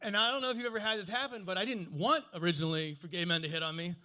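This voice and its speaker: A man in his forties with a notably high speaking voice performs stand-up. His delivery is crude, playful and self-mocking, and he riffs directly with the crowd. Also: fairly even intonation, very fast, pushed and bright. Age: 40s. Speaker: stand-up comedian. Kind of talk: stand-up comedy set.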